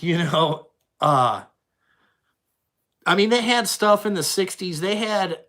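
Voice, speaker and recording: Young trucking boss, fairly high-voiced man, blunt and profane, rambling live chat with viewers. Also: expressive, slow, pushed and bright. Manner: blunt, heavy swearing, rambling. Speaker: trucking company owner. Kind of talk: casual livestream chat answering viewers.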